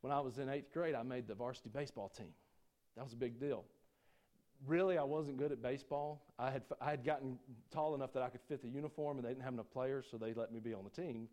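A man preaching a sermon, folksy and joking with the congregation, swinging between loud preaching and quiet asides. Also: medium pitch, fairly even intonation, fast. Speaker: pastor.

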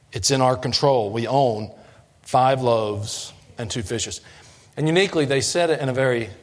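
A man preaching a sermon, folksy and questioning the congregation, building up in intensity. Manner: folksy, asks the congregation questions, rises in pitch and force when preaching. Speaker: pastor.

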